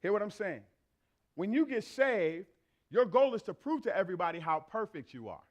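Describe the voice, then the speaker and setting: A man's voice: sits high, big pitch swings, moderate pace. A man in his thirties preaching a sermon, blunt and playful, talking straight to the congregation.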